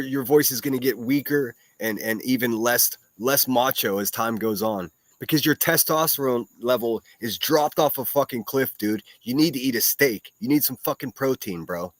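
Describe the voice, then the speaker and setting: A combative man hosts a solo livestream, firing off profanity and mocking insults at his critics. His voice sits at an ordinary middle pitch. The sound is close and dry, with no room around it. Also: moderate pace, hardly any pauses, no room sound. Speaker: solo livestream podcast host. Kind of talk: ranting commentary reacting to clips.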